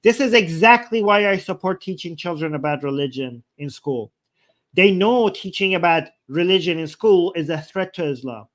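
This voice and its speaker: A man's voice: high-pitched, animated, moderate pace, fairly bright tone. A man hosting a live stream, casually translating a video line by line and thinking aloud as he reads subtitles.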